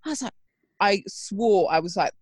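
A woman co-hosting a podcast over a video call, animated and giggly, telling self-mocking stories. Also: mid-range voice, normal speed, breathy edge, no echo. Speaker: podcast co-host. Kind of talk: casual chat. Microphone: remote video call.

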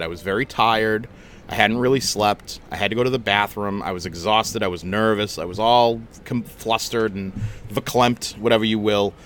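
A man hosting a podcast, telling a story in a casual, animated, chatty way and swearing freely. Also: medium pitch. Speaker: podcast host.

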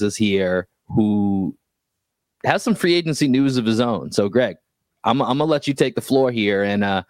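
A man's voice: medium pitch, darkish tone, dry recording. A man hosting a sports podcast in an easygoing, casual way, stumbling over his words at times. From Boston area. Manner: easygoing, stumbles and restarts when explaining. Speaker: podcast host.

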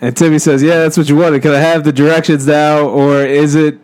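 A man's voice: fairly high pitch, fairly quick, smooth. A man co-hosting, telling an improvised comedy story with lots of laughter. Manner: animated, laughing often.

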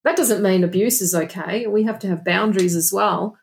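In a creaky, medium-pitched voice and at a brisk pace, a woman guest who practices past life regression therapy talks earnestly and reflectively in a casual interview. She keeps restarting sentences and dropping in "you know".

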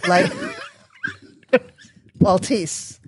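A woman talking as a guest in a casual interview, chatty and quick to restart her sentences, with sarcastic asides. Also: lowish voice, huge pitch swings, noisy background. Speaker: guest, technology consultant.

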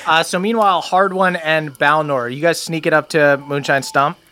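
A man running a tabletop game as game master, narrating in a relaxed, jokey way and laughing often. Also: on the high side, moderate pace, slight background noise.

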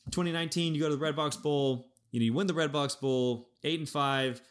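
A man co-hosting a sports podcast, thinking aloud in an animated way with frequent restarts as he breaks down his team's football season. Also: a little high, brisk, clean tone. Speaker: podcast co-host. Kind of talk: casual sports podcast analysis.

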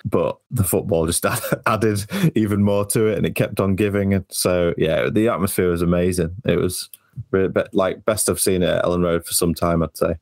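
A very deep, hoarse male voice recorded close and dry, as if shouted out at a match. He chats casually about football with a dry, teasing humour. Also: fairly even intonation, moderate pace, dry recording. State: lost his voice, hoarse. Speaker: podcast co-host. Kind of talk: casual football podcast chat.

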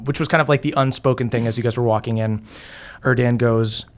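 A game master narrating a tabletop role-playing game in a relaxed, chatty way. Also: medium pitch, a little fast, few pauses. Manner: relaxed, chatty, laughs between lines.

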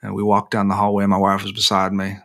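A man with a lowish voice tells a personal story as an interview guest. His tone is bright and forceful. He is animated and self-deprecating, and he often stops and restarts his sentences. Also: fast. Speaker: author guest.

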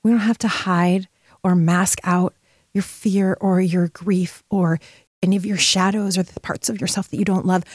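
A woman's voice: lowish voice, fairly even intonation, normal speed, darkish tone, breathy edge, no echo, clean studio sound. A middle-aged woman hosting a motivational podcast, speaking in an impassioned, emphatic, spiritual way. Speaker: podcast host.

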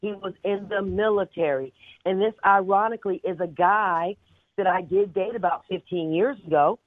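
A woman calling in to a radio show, a fast, chatty storyteller. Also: medium pitch, dry recording. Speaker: caller. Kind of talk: telling a dream on a call-in show. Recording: tinny phone line.

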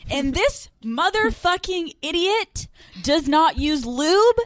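High-voiced young woman telling crude stories. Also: takes it slowly, dry recording. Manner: crude, animated storytelling with laughs. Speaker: podcast co-host. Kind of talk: casual chat.

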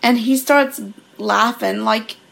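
Podcast guest, woman, slightly high, creaky, animated storyteller. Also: slow. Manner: laughing, animated retelling with many quoted lines. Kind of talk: casual storytelling.

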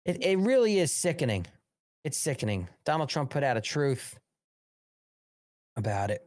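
A man's voice: fairly high pitch, sing-song, measured pace, long pauses, dry recording, clean studio sound. A man hosting a political live show, ranting in a heated, sarcastic and profane way. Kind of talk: political commentary livestream.

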